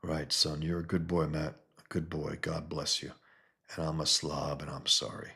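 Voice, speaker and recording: A man voicing a drunk, apologetic middle-aged boxer father from a comic, in a quiet, mumbling voice. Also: very deep voice, completely flat delivery, moderate pace, vocal fry, exaggerated voice. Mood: remorseful.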